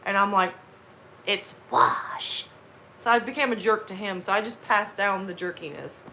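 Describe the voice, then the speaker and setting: A Southern woman in her thirties hosts a livestream, reading chat and rambling casually through asides in her Southern US accent. She's brisk, with a bright, forceful tone in a mid-range voice. Some hiss or hum is present.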